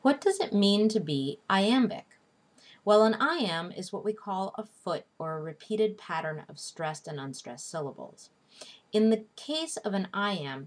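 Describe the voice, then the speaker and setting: Woman teacher doing a recorded lecture, low voice, a bit husky, slows down to stress syllables. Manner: clear, deliberate teaching delivery, slowing to stress syllables. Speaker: literature instructor.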